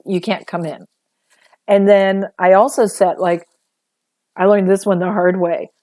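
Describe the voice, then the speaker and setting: Mellow-voiced woman teaching spiritual channeling. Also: mid-range voice, no room sound. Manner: chatty, earnest, many fillers and acted quotes. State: a little sore after a busy day. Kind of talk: casual livestream talk.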